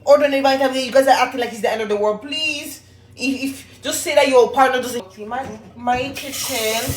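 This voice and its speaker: A woman's voice: sits high, a little fast. A woman chatting casually on a livestream while she cooks, blunt and profane, talking straight to her viewers on a phone. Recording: echoey room with loud music behind.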